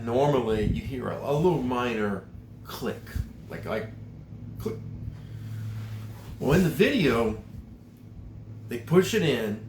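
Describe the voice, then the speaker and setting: A man's voice: medium pitch, reverberant, background noise. Earnest middle-aged man vlogging. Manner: earnest, emotional, rambling with fillers. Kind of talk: casual storytelling vlog.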